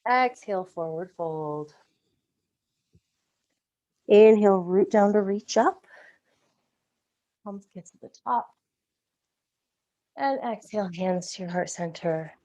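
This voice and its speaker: A young woman guides a yoga flow on a video call, her cues calm and timed to the breath. She speaks slowly and evenly at a mid pitch, a little winded as the sequence goes on. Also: dull audio. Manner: calm breath-paced cueing, occasional self-corrections. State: slightly out of breath. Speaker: yoga instructor. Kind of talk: live-streamed yoga class cues.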